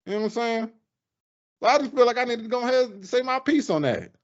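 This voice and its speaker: A man co-hosting a casual sports podcast, ranting with animated, profane energy. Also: extremely high pitch, quick pace. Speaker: podcast co-host. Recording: dull lo-fi podcast audio.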